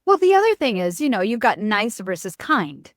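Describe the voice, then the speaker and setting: A middle-aged woman from New York, a marketing expert speaking as a podcast guest, blunt and animated, often breaking off mid-sentence. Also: mid-range voice, moderate pace, dry recording, studio quality. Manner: blunt, animated, self-interrupting. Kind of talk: casual podcast interview.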